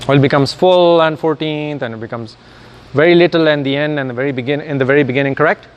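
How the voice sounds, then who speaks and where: A man's voice: on the high side, fast, muffled recording. Man lecturing in a reverberant hall. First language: Urdu. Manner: explains step by step with rhetorical questions. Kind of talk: recorded lecture.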